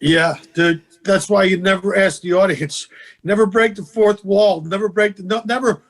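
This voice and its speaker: A man's voice: high-pitched, steady tone, normal speed. A man guesting on a podcast, telling comedy-club stories in a laid-back, profane way. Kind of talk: casual storytelling chat.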